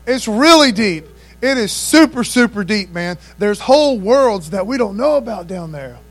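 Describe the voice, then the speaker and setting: A man preaching a casual, folksy sermon, laughing often and calling his listeners "man". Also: high-pitched.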